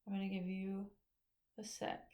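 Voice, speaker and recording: A woman teaching a philosophy class, her voice sitting at an ordinary middle pitch. She talks casually and haltingly, with frequent fillers and restarts. She sounds out of breath. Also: monotone, warm tone. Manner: casual, hesitant, many fillers and self-corrections. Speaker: philosophy lecturer. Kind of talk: informal recorded lecture.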